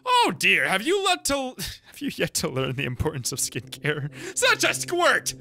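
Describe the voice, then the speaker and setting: A man's voice: sits high, wildly swooping pitch, normal speed, creaky, sharp tone, voice pushed up, exaggerated voice. A man doing a prissy, vain tooth fairy. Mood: fussy. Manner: prissy, scolding. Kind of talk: video game dialogue voiced by a player.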